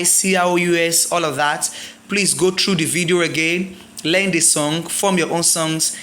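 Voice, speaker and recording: A teacher gives an exam-prep lesson, repeating words slowly and quizzing the listeners. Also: medium pitch, pushed and bright. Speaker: English teacher.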